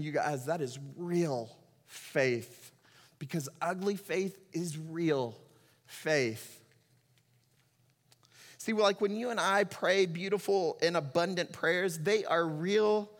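A man's voice: sits high, slow, pauses often, big-room sound. A middle-aged man preaching a sermon as pastor, emotional and rising to impassioned cries as he reads scripture.

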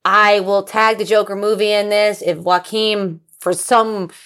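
A woman co-hosting a casual chat, excitable and swearing freely. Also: medium pitch, a little slow. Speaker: podcast co-host.

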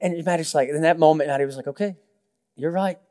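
A young male pastor with a noticeably high voice preaches a sermon at a quick pace, telling personal stories, acting out quotes and dropping joking asides. His tone is darkish, and the long reverb of a large church hall rings around him.

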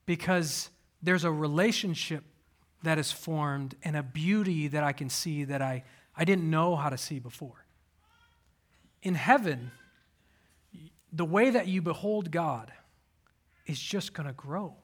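A man in his thirties preaching a sermon, telling personal stories with animated swings and sudden soft asides. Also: fairly high pitch, a little slow, pauses often. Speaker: pastor.

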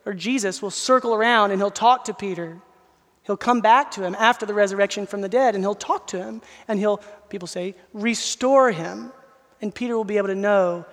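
Earnest preacher in a reverberant hall. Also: mid-range voice. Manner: earnest, emphatic, addresses listeners directly. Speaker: pastor. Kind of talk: expository sermon.

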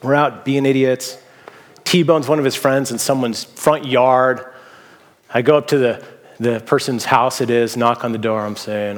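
A man from the Seattle area, a pastor giving a casual, story-filled sermon with relaxed fillers. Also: mid-range voice, a little slow, in a large hall. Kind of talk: conversational sermon.

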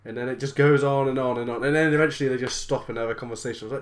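A woman's voice: a bass voice, fairly even intonation, very fast, hardly any pauses, a little hiss or hum. An English woman who works in a shop, chatting casually on a podcast and telling stories with quoted dialogue and laughter. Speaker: podcast co-host, shop worker. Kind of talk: casual chat.

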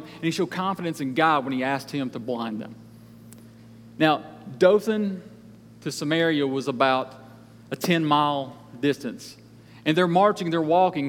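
A man's voice: a little high, in a large hall. A man preaching a sermon in a conversational way, acting out the characters from the Bible story as he goes. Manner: conversational, acts out biblical characters.

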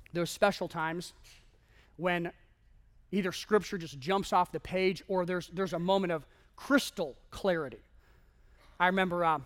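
A man preaching a sermon as an animated, self-mocking storyteller who acts out the dialogue in his stories. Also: high-pitched. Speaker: pastor.

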